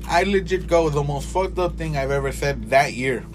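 A man's voice: fairly high pitch, normal speed, background noise. A young man co-hosting a podcast in casual chat, speaking frankly and swearing casually. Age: young adult. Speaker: podcast co-host.

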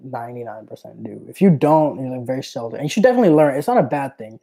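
Young male co-host, blunt jokester, relaxed podcast chat. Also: medium pitch, very fast, creaky. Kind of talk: casual chat.

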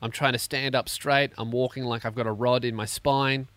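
Australian man, podcast host, in pain, sarcastic rambling rant, heavy swearing, medium pitch, dry room. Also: steady tone, moderate pace, fairly bright tone, no echo. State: in pain from a neck injury.

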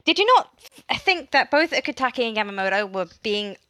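A woman co-hosting a podcast in casual chat, talking in an animated way and often restarting her sentences. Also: a little high, brisk, no room sound. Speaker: podcast co-host.

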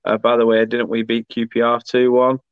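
A man's voice: mid-range voice, completely flat delivery, fairly quick, clear, resonant tone, no room sound. Male host, casual and chatty, dry, muffled audio. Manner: chatty, laughs often, reads comments aloud. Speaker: podcast host reading viewer comments. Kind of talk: casual chat.

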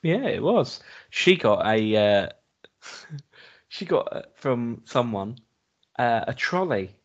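A man's voice: medium pitch, big pitch swings, takes it slowly. A man, co-hosting a podcast in casual chat, wry, teasing and talkative. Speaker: podcast co-host. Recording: dull lo-fi sound.

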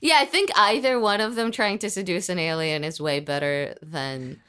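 A woman co-hosting a casual movie podcast, chatty and quick to laugh. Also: on the low side, a bit bright, smooth. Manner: laughs easily, chatty and thoughtful. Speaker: podcast co-host. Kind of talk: casual movie-review chat.

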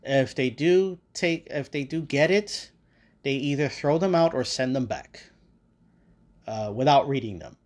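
A man's voice: medium pitch, measured pace. A man hosting a podcast, talking in a casual rambling monologue with lots of fillers, restarts and swearing. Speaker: podcast host.

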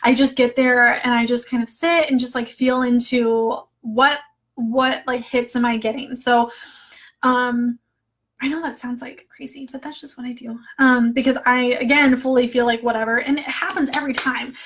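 Woman, online coach, casual training talk; chatty, emotional, fillers throughout, voice a touch high. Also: flat delivery, moderate pace, fairly bright tone.

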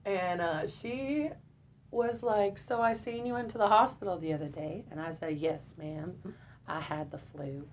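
A woman in her twenties, a podcast guest, telling a personal story in a lively, profane way and often laughing. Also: lowish voice, unhurried, a little hiss or hum. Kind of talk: casual storytelling. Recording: dull lo-fi audio.

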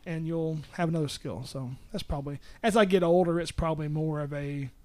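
Southern guy rambling on a podcast, kinda high voice, dry sound. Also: a little fast, dark tone, no room sound. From Southern United States. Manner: rambling, self-correcting storyteller. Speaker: musician guest. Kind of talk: casual interview chat.

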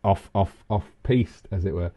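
A man in his fifties co-hosting a casual chat, rambling and animated. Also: moderate pace. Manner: animated, rambling, breaks into high laughs. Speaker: co-host. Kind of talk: casual banter.

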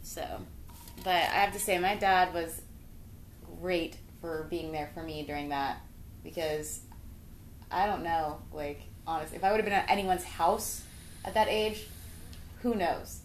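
A young adult woman co-hosting a podcast, telling a story in a lively, casual way and swearing freely. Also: on the low side, unhurried, pauses often, a little hiss or hum. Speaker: podcast co-host. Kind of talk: casual chat. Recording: roomy echo.

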